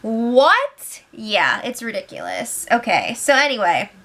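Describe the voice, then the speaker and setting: A young woman giving a casual spoiler recap from home, chatty, laughing often and quoting people in lively voices. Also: fairly high pitch, slow. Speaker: reality show recap host. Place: home, with pets nearby.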